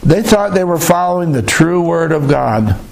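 An older man telling a story in a casual, halting way, with many restarts and pauses. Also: on the high side, animated, vocal fry, slight background noise, low-quality recording. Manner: rambling, halting, with restarts and hesitations. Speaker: storyteller recounting a trip. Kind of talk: casual spoken recollection.

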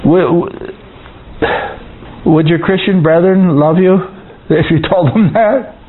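A man's voice: on the high side, steady tone. Man preaching over tinny phone-like audio. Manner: conversational, repeats words, reads verses slowly. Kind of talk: informal sermon with scripture reading. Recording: tinny phone-like sound with faint hiss.

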